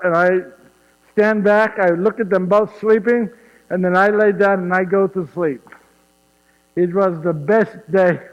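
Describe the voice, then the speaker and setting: A man playing Saint Joseph, humble and awed. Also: high-pitched. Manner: chuckles warmly at his own story, asks the audience directly. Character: Saint Joseph, humble earthly father, wonder-struck storyteller. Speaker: actor in a one-man stage show. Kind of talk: first-person dramatic monologue. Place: church. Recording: echoey church, dull muffled sound.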